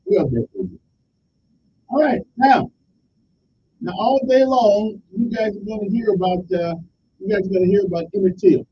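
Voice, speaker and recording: A middle-aged man, hosting a radio talk show in a joking, rambling monologue. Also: normal speed. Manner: joking, rambling, animated delivery. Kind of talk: casual call-in radio monologue. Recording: dull lo-fi radio sound with faint rumble.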